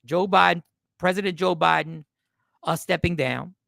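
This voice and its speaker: Gravelly high-voiced man hosting a livestream. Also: moderate pace, no room sound, clean studio sound. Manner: animated, repetitive, addresses viewers by name. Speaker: livestream host. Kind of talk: casual livestream talk to chat viewers.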